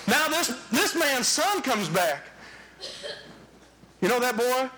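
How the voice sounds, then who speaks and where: A man preaching a sermon in an animated, joking storytelling manner. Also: very high voice, brisk.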